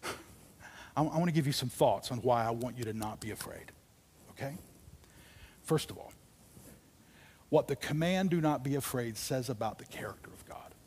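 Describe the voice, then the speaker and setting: Man, pastor, sermon, husky, very lively pitch, dramatic loud-to-hushed delivery. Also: normal speed, long pauses. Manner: dramatic, swinging from loud preaching to hushed near-whisper. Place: church sanctuary.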